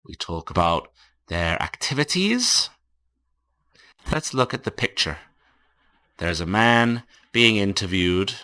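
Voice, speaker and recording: Slow, lively-voiced male English teacher. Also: on the low side. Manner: slow, carefully enunciated classroom reading. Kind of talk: online lecture for language learners.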